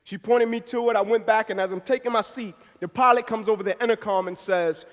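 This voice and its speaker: A man in his thirties giving a passionate motivational speech, telling his story and building to forceful, emphatic peaks. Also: sits high, fairly even intonation, a little fast. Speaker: motivational speaker. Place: event hall. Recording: speech in a reverberant hall.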